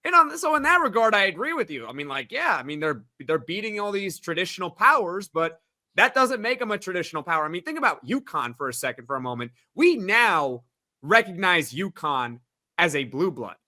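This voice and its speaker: A man with a high, bright voice argues his case in a casual sports-podcast debate. He talks in quick bursts with restarts and lively swings in pitch. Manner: argumentative, thinks aloud with "I mean" restarts. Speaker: podcast panelist.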